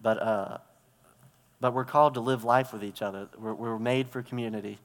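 In a church with a reverberant hall sound, a man delivers a conversational sermon in a mid-range voice at a moderate pace, his intonation fairly even. The preacher tells stories and acts out the parts as he goes, using props and gestures.

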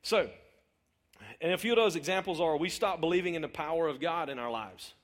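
A middle-aged man delivers a loose, chatty sermon in church, talking a little quickly in a somewhat high voice. He repeats words and keeps checking in with the congregation by asking them questions.

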